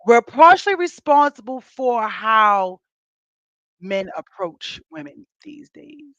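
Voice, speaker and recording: A fairly high-voiced woman with tells a story to her podcast listeners, laughing as she acts out what people said. The sound is dull and muffled, with no room echo at all. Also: slow pace, creaky. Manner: animated, laughing, acts out quotes. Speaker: podcast host.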